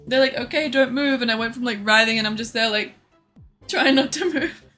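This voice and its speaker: A woman streamer talks to her chat in a bright, sharp voice that sits a little high. She tells her story in an animated way, swears freely and acts out other people's lines. Faint music plays softly in the background. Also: fairly quick.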